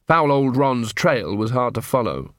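A man narrating an audiobook, telling a comic story in an even, dry manner on a close studio mic. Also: mid-range voice, unhurried, no echo. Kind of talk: scripted narration.

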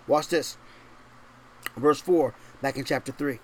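A male pastor preaching a sermon, emphatic, swinging from loud stressed points to quiet asides and often checking in with rhetorical questions. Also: slow pace, long pauses. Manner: shifts between raised, forceful stresses and low, quiet asides.

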